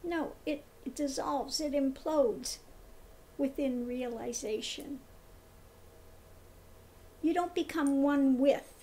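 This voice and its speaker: High-voiced, slow, scornful woman. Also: dark tone, slight background noise. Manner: emphatic, repetitive, scornful. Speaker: tarot reader and spiritual commentator. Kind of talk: commentary monologue.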